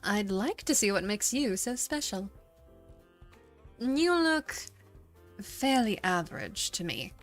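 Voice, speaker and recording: A woman voicing a haughty young woman in a game, speaking slowly in a put-on foreign accent with pauses. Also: medium pitch, very animated, soft background music.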